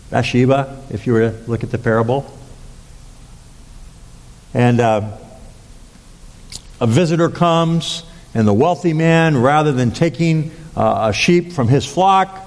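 A man preaching a sermon as a pastor, halting with many fillers and restarts. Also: a little mellow. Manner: acts out quoted lines with raised pitch. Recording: long hall reverb.

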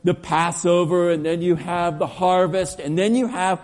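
A man preaching a sermon as pastor, storytelling with energy and dropping to slow, soft emphasis on key words. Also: sits high, steady tone. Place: church sanctuary. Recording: long church reverb.

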